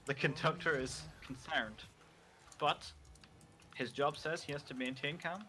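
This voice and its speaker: A man casually narrating an improvised story on a stream, wry and deadpan. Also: on the high side, unhurried, noisy background.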